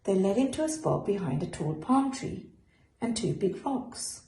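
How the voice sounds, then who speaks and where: A woman's voice: mid-range voice, very animated, measured pace, mellow. A teacher, a woman, reading a children's storybook aloud. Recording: roomy echo.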